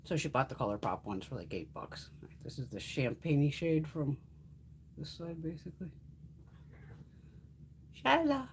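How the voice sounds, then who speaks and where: A woman's voice: deep voice, animated, normal speed, long pauses, slight background noise. A woman hosting a casual makeup livestream from home, chatty and salty, swearing freely and cooing at her cats. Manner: coos in baby talk at her cats. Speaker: beauty livestream host.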